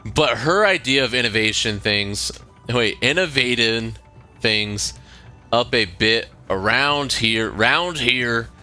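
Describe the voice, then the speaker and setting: A man reading aloud the lines of a folksy old male village sheriff, slow and halting. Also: mid-range voice, sharp tone, soft background music. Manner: slow, halting read-aloud of game dialogue.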